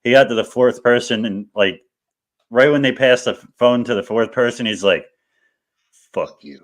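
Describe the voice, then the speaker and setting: A man's voice: mid-range voice, fairly even intonation, normal speed. A man co-hosting a casual chat show, telling laid-back stories and laughing often. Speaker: podcast co-host.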